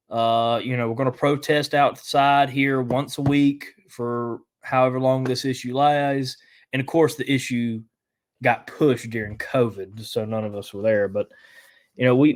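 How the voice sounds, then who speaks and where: Guy in his 20s doing a solo podcast, stuffy with allergies, lots of restarts and ums. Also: medium pitch. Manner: halting, many restarts and fillers. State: congested from allergies. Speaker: podcast host. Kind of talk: casual solo podcast commentary.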